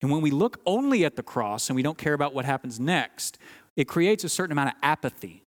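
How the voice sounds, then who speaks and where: A man's voice: fairly high pitch, big pitch swings, fast, in a large hall. A man preaching a sermon, earnest and teaching, stressing key words and sometimes restarting phrases. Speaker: pastor.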